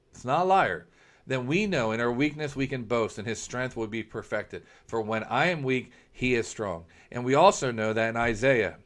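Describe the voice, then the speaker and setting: A man preaching a sermon, earnest and repetitive, often restarting phrases as he builds a point. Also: mid-range voice. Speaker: preacher, ministry founder.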